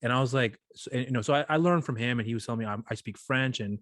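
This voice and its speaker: A man's voice: medium pitch, very fast, a bit bright, dry recording, clean studio sound. A man hosting a casual interview show, rambling and often stumbling over his words. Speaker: podcast host.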